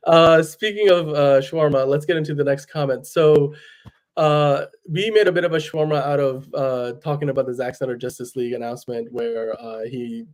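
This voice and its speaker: A man's voice: fairly high pitch, animated, normal speed. A man co-hosting a daily fan news show, talking casually, with easy chuckles and lots of fillers. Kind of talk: casual podcast chat.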